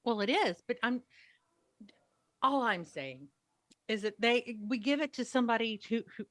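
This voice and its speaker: A woman's voice: on the high side, lively intonation, moderate pace, dry recording. A woman from Ohio co-hosting a morning radio show, teasing and dry, often restarting her sentences. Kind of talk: casual banter.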